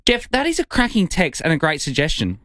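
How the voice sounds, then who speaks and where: A man's voice: fairly high pitch, a little fast, dry recording. A man with an Australian accent hosting a radio show, talking with enthusiasm in a studio. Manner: lively, enthusiastic. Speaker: radio host. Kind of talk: casual radio chat. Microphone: studio mic.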